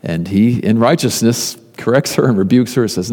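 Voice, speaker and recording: A man preaching a sermon, retelling a story conversationally with emphatic lists and pauses. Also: mid-range voice, a little mellow. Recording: long reverb of a large hall.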